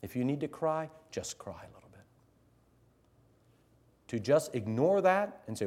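A middle-aged man, a teacher addressing fellow teachers, telling a story earnestly, swinging from loud emphasis to hushed near-whispers. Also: lowish voice, big pitch swings, normal speed, pauses often. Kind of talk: storytelling talk to an audience.

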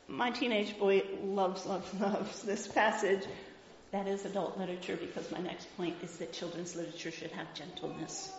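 A woman's voice: mid-range voice, fairly even intonation, normal speed, a little hiss or hum. A middle-aged woman giving an enthusiastic, emphatic talk to a live audience and reading passages aloud, in an echoey lo-fi hall recording. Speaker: speaker.

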